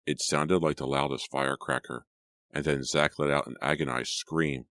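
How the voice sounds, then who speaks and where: Very deep male audiobook narrator. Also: moderate pace, no room sound, studio quality. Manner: steady storytelling, first-person read. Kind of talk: scripted narration.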